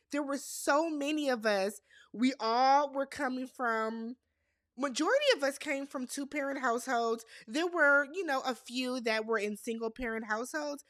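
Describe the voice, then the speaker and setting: A woman's voice: a little high, bright, forceful tone, dry recording, studio quality. A young woman hosting a casual reality TV recap, sassy and talking back to the cast.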